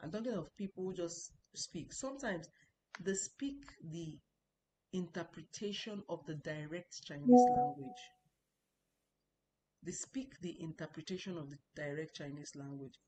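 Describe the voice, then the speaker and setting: A woman's voice: on the low side, animated, a little slow, dark tone, slight background noise, rough recording. A woman teaching a Chinese language lesson, explaining patiently and repeating key points, and stressing important words.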